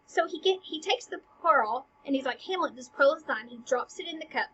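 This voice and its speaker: A woman's voice: sits high, lively intonation, brisk, bright, forceful tone, slight background noise. A woman retelling a play scene by scene in a casual teaching style, paraphrasing the lines in modern slang and often dropping to a whisper. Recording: dull lo-fi recording.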